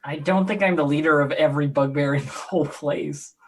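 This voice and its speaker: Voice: mid-range voice, a little fast. A tabletop game player who giggles often and bluffs playfully in character.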